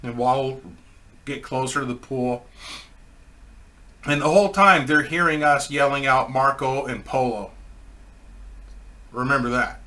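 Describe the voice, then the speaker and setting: A man's voice: mid-range voice, measured pace, long pauses, bright, forceful tone. A man telling a rambling, crude comic anecdote in a casual way, laughing at his own story.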